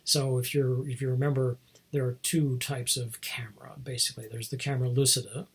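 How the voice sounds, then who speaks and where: A man with a very husky, breathy voice talks casually as a podcast host, wandering through a film's story. He digresses often and restarts his sentences, at a middling pitch. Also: level tone, a little fast. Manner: rambling, digressive, many fillers and restarts. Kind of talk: casual film review.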